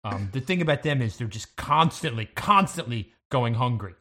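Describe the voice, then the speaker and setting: A man playing the captain on the bridge in an improvised sci-fi role-play, delivering absurd lines in a deadpan, matter-of-fact way. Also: medium pitch, moderate pace. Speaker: player as ship's captain on the bridge.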